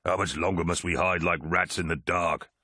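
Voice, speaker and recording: A man voicing a gruff, bloodthirsty warrior captain in an audiobook, growling and defiant. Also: low voice, fairly even intonation, moderate pace, sharp tone, dry recording, clean studio sound. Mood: angry.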